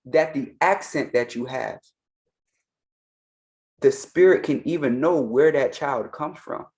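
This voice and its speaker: A man's voice: medium pitch, slow pace, darkish tone. A man hosting a reaction commentary, ranting in a heated, mocking and profane way. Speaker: host, Orisha priest.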